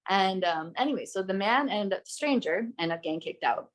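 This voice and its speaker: A woman's voice: medium pitch, animated, fairly quick. A young woman hosts a podcast and recounts a story in a fired-up, emphatic voice. She talks casually, curses without holding back, and keeps the telling intense. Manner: heated, emphatic, swears freely. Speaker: podcast host.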